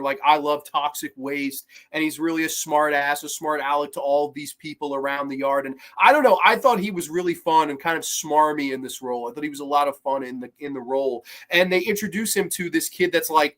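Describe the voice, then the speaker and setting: Male host, casual film review, enthusiastic, slightly high-pitched. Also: a bit bright. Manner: enthusiastic, acts out quoted lines in a higher voice.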